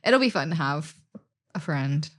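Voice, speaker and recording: Relaxed young woman, dry close sound. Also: sits low, measured pace, no echo. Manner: relaxed, chatty, laughs easily. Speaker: podcast co-host. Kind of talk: casual chat.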